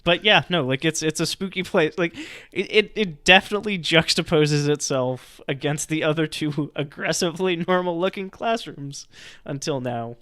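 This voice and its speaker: A man with a fairly high, bright voice talks through his character in a tabletop game. His speech is casual and halting, with many fillers. The sound is dry and close. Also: smooth, no echo. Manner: chatty, halting, laughing often. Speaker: player. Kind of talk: casual tabletop role-play chat.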